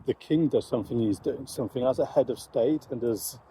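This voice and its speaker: Mellow-voiced man giving measured commentary. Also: medium pitch, slight background noise, low-quality recording. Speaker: Christian commentator. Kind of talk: spoken commentary on current events.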